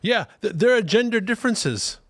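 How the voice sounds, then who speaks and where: A man on a political panel who makes emphatic, sarcastic remarks. His pitch sits a little high and jumps around a lot. The studio sound is close and dry. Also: expressive, moderate pace, fairly bright tone, no echo.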